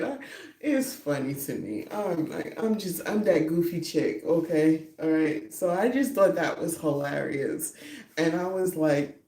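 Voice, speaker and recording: A woman's voice: fairly low pitch, normal speed, warm tone, roomy sound. A woman hosting her own podcast, chatting casually and rambling, often breaking into giggles. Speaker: podcast host. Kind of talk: casual chat.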